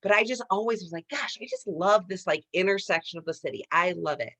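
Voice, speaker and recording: Animated woman telling her success story. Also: on the low side, brisk. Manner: animated, addresses audience as "you guys". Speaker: network marketing leader. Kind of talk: motivational personal story.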